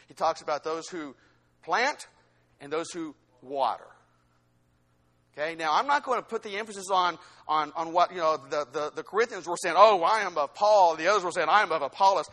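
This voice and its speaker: A male pastor preaching a sermon, swinging between loud exhortation and quieter teaching asides. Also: on the high side.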